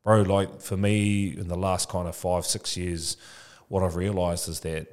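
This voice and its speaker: A man's voice: deep voice, level tone, a little slow, darkish tone. A man in his forties talking candidly as a podcast guest, casual and reflective, calling the host "bro" a lot. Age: 40s. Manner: casual, says "bro" often, frank and reflective. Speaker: podcast guest, childcare business founder. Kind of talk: candid conversational interview.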